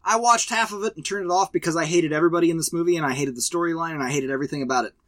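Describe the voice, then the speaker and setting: A man's voice: fairly high pitch, very fast, a bit bright, no echo. A man co-hosting a casual movie review chat, blunt and profane, ranting emphatically about films he loves and hates. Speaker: podcast co-host.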